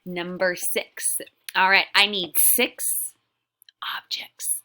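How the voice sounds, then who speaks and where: A young adult woman teaching an online lesson to small children, speaking in a drawn-out, encouraging sing-song that often drops to a whisper. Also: fairly low pitch, sharp tone, slight background noise. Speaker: preschool teacher.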